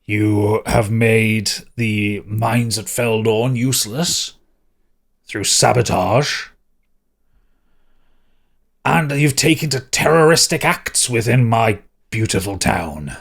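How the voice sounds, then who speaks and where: A man's voice: lowish voice, takes it slowly, vocal fry, fairly bright tone, full character voice. A man voicing a pompous, short, portly male magistrate who talks in a haughty, commanding way. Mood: stern.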